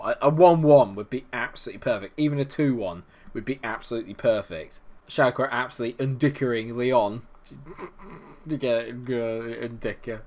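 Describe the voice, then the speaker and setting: A young man talks through a football management game from close to the mic. He is chatty and jokey, and he breaks into excited play-by-play whenever a chance comes along. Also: medium pitch. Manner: chatty, jokey and swings into excited match commentary. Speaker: gaming YouTuber. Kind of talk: football management gameplay commentary.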